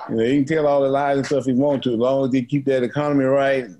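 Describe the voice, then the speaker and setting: A man's voice: mid-range voice, little pitch movement, fast, mellow, slight background noise. A man chatting as a podcast guest, plainspoken, laughing and repeating his words. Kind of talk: casual chat.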